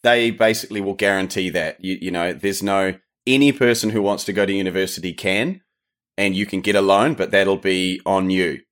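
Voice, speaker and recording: A man's voice: sits low, fairly even intonation, moderate pace, a bit bright. A man from New Zealand with a New Zealand accent, a podcast guest chatting casually and hedging with lots of "sort of". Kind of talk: casual interview chat.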